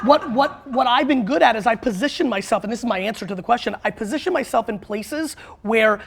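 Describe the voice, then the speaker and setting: A man guest in a studio interview, an author and marketer who talks bluntly and excitably, with quick restarts. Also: very high voice, vocal fry, crowd noise. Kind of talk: animated interview talk.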